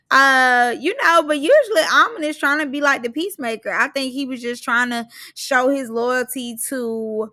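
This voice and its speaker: A woman's voice: sits high, normal speed, hardly any pauses, sharp tone. A young woman giving a chatty, slangy recap of a reality show, acting out quotes as she goes. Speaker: reality TV reviewer. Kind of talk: casual recap commentary.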